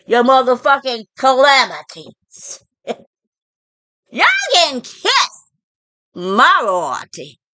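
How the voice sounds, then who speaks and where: A woman's voice: high-pitched, pushed and bright, dry recording. A woman delivering a profane, preachy rant to her viewers. She taunts, keeps asking "all right?", and often breaks into laughter. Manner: repeats "all right?" to address listeners. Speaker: online commentator. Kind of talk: profane ranting monologue.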